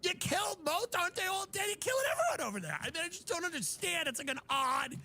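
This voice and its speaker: A man's voice: very high-pitched, big pitch swings, quick pace, sharp tone. A man delivering an exasperated, sarcastic comedic rant, acting out others' voices in mocking asides.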